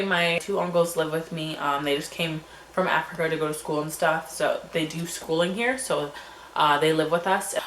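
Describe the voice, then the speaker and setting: A young woman telling a story on her vlog in a scattered, animated way, filled with fillers and acted-out quotes. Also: lowish voice. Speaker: vlogger. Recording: echoey room with faint hum.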